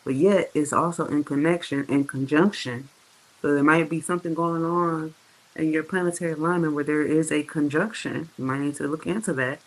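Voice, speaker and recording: A tarot reader gives a loose, profane reading, full of slang and talking right to the audience. Key words get stretched out slowly for weight, and the voice sits at an ordinary middle pitch. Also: fairly even intonation, low-quality recording. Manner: slangy, profane, chatty, addresses viewers directly; drawls words out slowly for emphasis. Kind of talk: casual tarot reading monologue.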